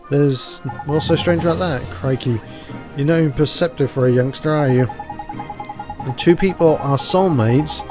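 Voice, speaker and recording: A man's voice: a little high, close to an everyday voice. A man reading out the lines of a cheeky little fairy sidekick, talking in a folksy, chummy way full of tag questions.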